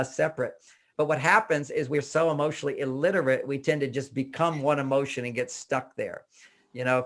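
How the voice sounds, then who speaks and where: An older American man giving a relationship talk in a casual, animated way, acting out little cries and quoted voices. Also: on the high side. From United States. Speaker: relationship author and speaker.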